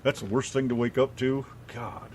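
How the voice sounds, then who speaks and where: A man's voice: mid-range voice, fairly even intonation, moderate pace, darkish tone, slight background noise. A middle-aged American man co-hosting a radio show, telling rambling stories and swearing casually. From United States.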